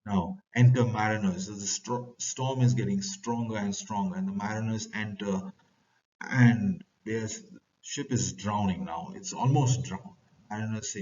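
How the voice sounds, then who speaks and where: A man's voice: lowish voice, measured pace, a little mellow. A man with an Indian accent teaching a class, reading lines from a play aloud and then explaining them in plain words. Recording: distant dull lo-fi recording.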